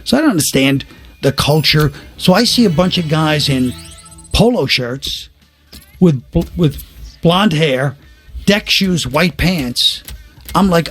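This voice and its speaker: A man's voice: on the high side, slow, husky, soft background music. An older man from New York, a comedian telling stories in casual chat and acting out the people he quotes. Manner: animated storyteller, acts out quoted voices.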